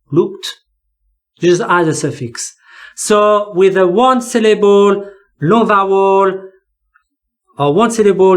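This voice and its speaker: This is an English teacher walking through spelling rules in a lesson. The delivery is slow and deliberate, with key words repeated for emphasis. The voice swings up and down in pitch as it explains.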